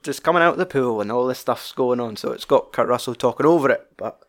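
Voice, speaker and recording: A man's voice: mid-range voice, fast talker. A young man with a Scottish accent chatting casually about a film, rambling and swearing freely.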